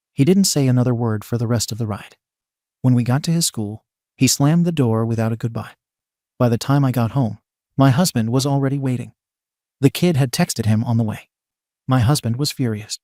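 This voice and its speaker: A man narrating a story in an even, steady scripted read. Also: medium pitch, moderate pace, pauses often, dry recording, clean studio sound.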